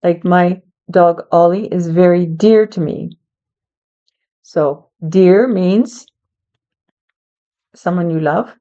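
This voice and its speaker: A woman teaches English to learners, spelling out words and explaining them with patience and encouragement. She speaks very slowly and deliberately in a slightly low voice. The recording sounds a little dull and lo-fi. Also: mellow. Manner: patient, encouraging, talks to a child helper.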